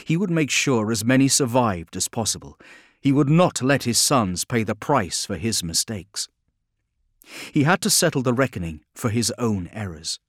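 Measured male audiobook narrator. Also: mid-range voice, no echo, clean studio sound. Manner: steady, measured storytelling. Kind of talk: scripted narration.

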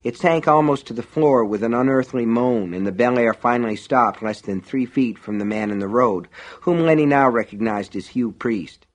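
A man reading an audiobook in a steady, wry storytelling manner. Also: medium pitch, moderate pace. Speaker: narrator. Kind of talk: audiobook narration.

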